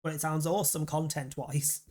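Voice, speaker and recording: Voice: medium pitch, little pitch movement, normal speed, a little mellow. A streamer reading a dating game aloud and commenting in a casual, sweary, self-deprecating way.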